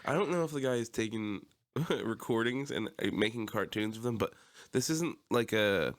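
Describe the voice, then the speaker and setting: A young man from the Philadelphia area with a local accent, telling a story on a podcast in animated, profane casual chat. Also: on the low side, moderate pace. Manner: animated, swears, acts out quotes loudly. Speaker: podcast co-host.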